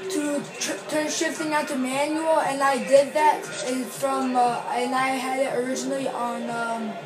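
A woman's voice: sits high, little pitch movement, normal speed. A woman chatting in a rambling, self-correcting way while commenting on a racing game she is playing. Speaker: gaming video creator. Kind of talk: casual gameplay commentary. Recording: roomy sound with game music. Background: racing game music.

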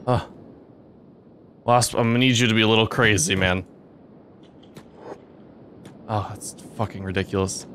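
A young man giving gameplay commentary, swearing often and breaking into excitable outbursts. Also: on the low side, moderate pace, long pauses, slight background noise. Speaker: let's play host.

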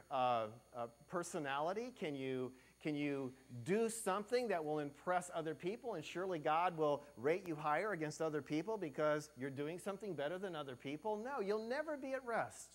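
A pastor delivering a sermon in church, asking the congregation many questions and swinging between loud and hushed delivery. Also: male voice, fairly high pitch. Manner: acts out quoted voices in his telling.

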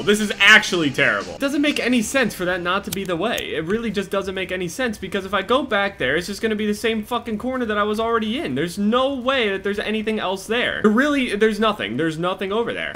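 A young man commentating a horror survival game, panicky and swearing, yelling at the game as he plays. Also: sits high. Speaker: gameplay streamer. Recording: loud game music behind the voice.

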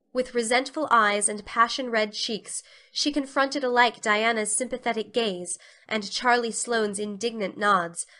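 A woman reads a classic story aloud in a dramatic storybook style. Her voice is bright and forward and pitched a little high. She brings expressive life to the narration.

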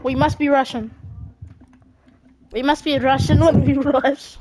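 A young woman chatting casually while playing a video game, excitable and often yelling at teammates. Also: sits high, unhurried, slight background noise. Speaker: gamer streamer.

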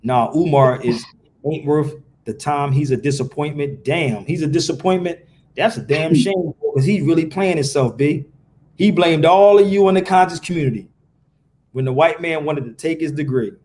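A man, his voice pitched a little high, ranting to a live audience. He swears freely and keeps asking his viewers questions. A faint hiss of background noise sits behind him. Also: moderate pace. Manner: animated, profane, rhetorical questions to viewers. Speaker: podcast host. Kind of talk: casual live-stream rant.

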